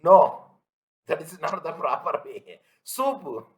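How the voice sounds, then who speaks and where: A man's voice: sits high, normal speed, poor audio. A man teaching an online class, repeating his points and asking students if they follow. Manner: everyday analogies, emphatic. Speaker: lecturer.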